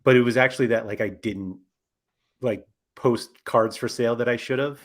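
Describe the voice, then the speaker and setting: A man's voice: mid-range voice, moderate pace. A man hosting a casual podcast, talking in a rambling way with lots of fillers and self-corrections. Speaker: podcast host.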